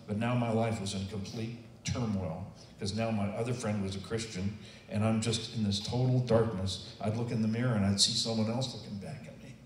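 A man's voice: fairly low pitch, darkish tone. A man in his sixties giving an earnest, emotional personal testimony, acting out the voices of the people he quotes. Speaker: testimony speaker. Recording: roomy, distant and noisy.

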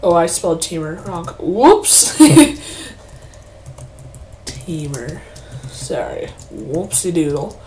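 A woman's voice: fairly low pitch, lively intonation, slow, pauses often, dark tone, slight background noise. A young woman giving casual commentary while she plays a game, chatting to herself and breaking into mock-grumpy outbursts. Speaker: gaming channel host.

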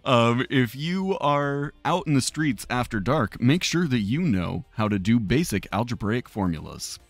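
A man's voice: medium pitch, expressive, measured pace, no echo. A man co-hosting a live-streamed talk show, chatting playfully with frequent fillers and laughter. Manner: playful and rambling, many fillers, laughs often. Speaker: podcast co-host. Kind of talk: casual chat, mock news segment.

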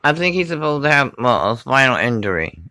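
A man's voice: mid-range voice, very animated, fairly quick, pushed and bright. A man chiming in with short remarks in a casual conversation.

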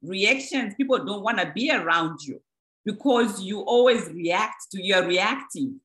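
A woman's voice: mid-range voice, animated, a little slow, a bit bright, low-quality recording. A middle-aged woman giving an earnest church teaching on boundaries, in plain words, acting out short everyday examples. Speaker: speaker teaching a church group. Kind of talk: teaching talk to a congregation.

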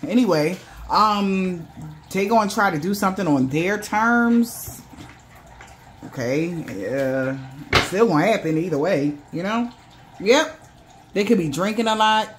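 A woman's voice: mid-range voice, slight background noise. A woman giving a loose, casual tarot reading, swearing freely and acting out the voices of the people she describes. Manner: loose, profane, acts out quoted voices. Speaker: tarot reader.

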